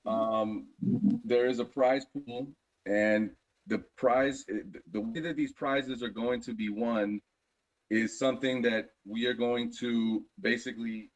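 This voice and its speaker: A man from a project team talking casually in an online voice chat, excitable and joking. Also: mid-range voice, takes it slowly, low-quality recording. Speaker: team member on a crypto project.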